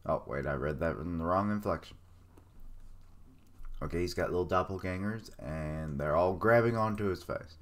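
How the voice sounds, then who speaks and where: A man's voice: sits low, moderate pace. A man giving casual live reaction commentary on an anime, blurting out surprised remarks and swearing casually. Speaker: reaction streamer.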